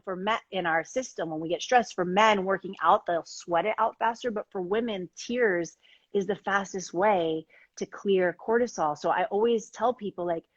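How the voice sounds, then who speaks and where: A woman's voice: medium pitch, moderate pace, no room sound, dull audio. A woman hosting a live-streamed interview in a casual chat, full of "like" and "um" fillers. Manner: bubbly, frequent "like" and "um" fillers. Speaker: host.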